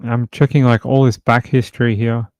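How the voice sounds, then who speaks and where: A man of middle pitch hosts a true crime livestream from home, talking loosely and rambling with plenty of filler words. His voice is recorded close and dry, with no room sound. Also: level tone, normal speed, darkish tone, no echo. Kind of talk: casual livestream chat.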